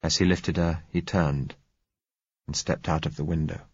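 Low, husky male audiobook narrator. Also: fairly even intonation, no echo. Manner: measured, composed storytelling. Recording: slightly dull recording.

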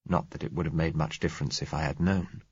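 Deep, husky man narrating a novel. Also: steady tone, no echo, lo-fi sound. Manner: measured, reflective, rising in heated dialogue. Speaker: audiobook narrator. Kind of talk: first-person novel narration.

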